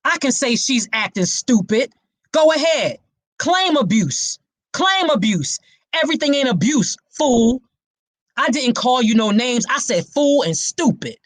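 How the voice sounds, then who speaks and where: Woman playing an abusive boyfriend: dismissive, mocking, high-pitched contempt, dry close sound. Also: no echo, exaggerated voice. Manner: scornful, minimizing, raised and sharp. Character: dismissive abusive male partner, defensive and belittling.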